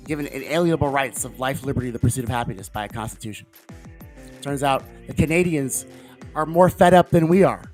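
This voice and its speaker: A man hosts a political livestream in a fervent, rambling manner. His voice sits mid-range and leaps up and drops low as he rails on. A faint bed of music plays behind him. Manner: fervent, rambling, loud swings in volume. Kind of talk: casual political livestream commentary.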